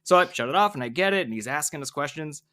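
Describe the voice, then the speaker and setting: A man spinning a casual anecdote on a podcast, his slightly high voice bright and forceful. He swings his pitch all over the place, talking with lots of "like" and acting out the people he quotes. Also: fast talker. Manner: animated storyteller, lots of "like", acts out quoted people. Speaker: podcast co-host.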